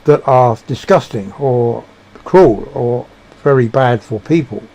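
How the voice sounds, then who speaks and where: A man giving a reflective monologue, halting and searching for words with frequent restarts. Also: medium pitch, dark tone. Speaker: speaker sharing personal beliefs.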